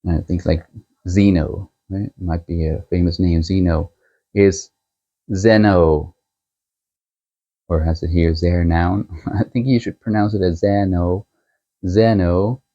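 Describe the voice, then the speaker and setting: A man hosting a book channel, chatting casually as he shows a book set and reviews a novel, unhurried and chuckling as he thinks aloud. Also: sits low, fairly even intonation, mellow, highs cut off.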